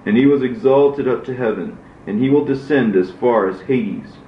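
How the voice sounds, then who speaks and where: A man voicing God as a stern male divine judge, in a measured, solemn reading. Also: medium pitch, slight background noise, lightly acted. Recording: roomy, dull lo-fi recording.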